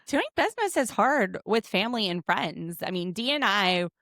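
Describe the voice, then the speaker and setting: A woman in her forties, co-hosting a casual podcast recap with chatty, animated storytelling. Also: medium pitch, moderate pace, dry recording, studio quality. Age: 40s. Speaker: podcast co-host.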